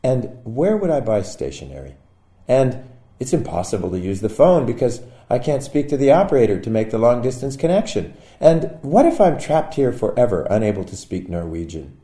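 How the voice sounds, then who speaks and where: A man reading his own poem in a wry, musing way, with sudden loud outbursts. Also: mid-range voice, very animated, normal speed, roomy sound. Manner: wry, musing delivery with sudden bursts of loudness. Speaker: poet. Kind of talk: poetry reading.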